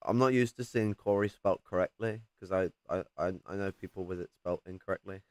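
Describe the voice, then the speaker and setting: A man talks loosely on a live stream, rambling and swearing as he airs strong opinions. His voice sits a little low, and the sound is dry and close with no room around it. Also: a little fast, darkish tone, no echo. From Yorkshire, England. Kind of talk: casual chat.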